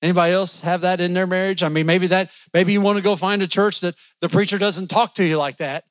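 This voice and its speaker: High-voiced folksy preacher, dry sound. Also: male voice, fairly even intonation, quick pace, no echo. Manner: folksy, joking with the congregation. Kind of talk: sermon. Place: church.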